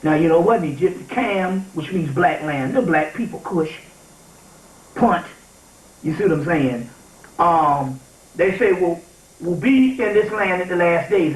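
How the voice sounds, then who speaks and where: A man giving an informal spiritual lecture to a live audience, animated and emphatic, often checking in with his listeners. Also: sits high. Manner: animated and emphatic, often asks "you see what I'm saying?". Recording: echoey room, taped from far off.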